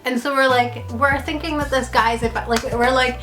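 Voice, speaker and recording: Her voice sits high and a bit bright, with a steady tone, moderate pace and few pauses, as this young woman shares travel stories on her casual vlog. A vlogger and actor, she's chatty and rambling, laughs often and says "like" a lot. The room echoes, and faint music plays.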